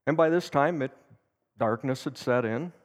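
A man's voice: mid-range voice, normal speed, in a large hall. A man teaching at a church service, telling a personal story in a folksy way and acting out the quotes. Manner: anecdotal, folksy, with lively acted quotes. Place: church sanctuary.

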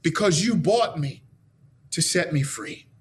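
A man's voice: fairly high pitch, lively intonation, unhurried, pitched below the performer's own voice. A man preaching, quoting a young enslaved woman who has just been set free, in nearly his own voice. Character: freed young enslaved woman, bitter then grateful. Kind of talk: sermon storytelling.

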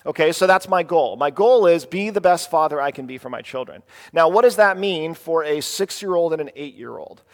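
Halting male preacher in a reverberant hall. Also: a little high, animated. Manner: halting, restarts and fillers, conversational storytelling. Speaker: pastor. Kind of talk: sermon with personal stories.

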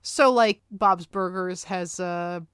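A woman's voice: on the low side, takes it slowly, fairly bright tone, smooth, dry recording, clean studio sound. A woman hosting a podcast in casual chat, chatty and friendly. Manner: chatty, friendly, frequent fillers. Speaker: podcast host.

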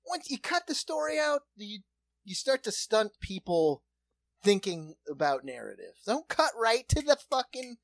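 A woman co-hosting a comedy podcast, trading quick jokes and laughing often. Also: mid-range voice, big pitch swings, dry recording. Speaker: podcast co-host. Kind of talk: casual comedic chat.

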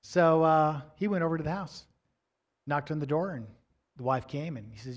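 An older man preaches by telling stories from his childhood, and he throws himself into the voices of the people in them. His voice sits a little high for a man and jumps up when he acts out a shout. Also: normal speed. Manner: animated storyteller acting out quoted voices. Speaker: pastor. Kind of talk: sermon storytelling.

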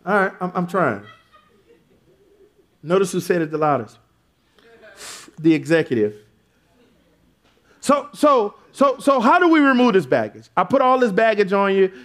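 A man preaching a sermon as pastor, leading call-and-response with his congregation and building up to shouts. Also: high voice, sing-song, unhurried, long pauses.

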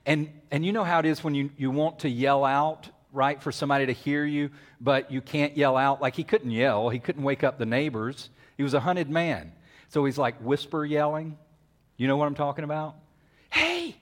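A man preaching a sermon, telling a Bible story with lively acted-out voices. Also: on the high side, normal speed. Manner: animated storytelling with acted-out voices and whisper-yelling. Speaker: pastor.

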